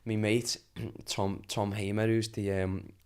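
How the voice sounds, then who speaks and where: Chatty young Scouse man, lowish voice. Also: little pitch movement, slow, a little mellow, clean tone. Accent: Liverpool (Scouse). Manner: earnest, chatty, laughs often. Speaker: podcast guest. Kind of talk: casual conversation.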